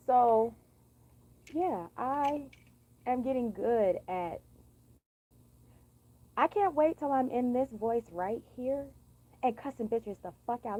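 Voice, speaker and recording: A woman's voice: on the high side, animated, slow, pauses often, warm tone, dull audio. A young woman venting in a blunt, profane, sassy monologue for her vlog. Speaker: vlogger.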